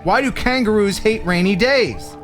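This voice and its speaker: A man's voice: high voice, moderate pace, faint music behind. An American man hosting a casual live stream, reading out viewer jokes and laughing often.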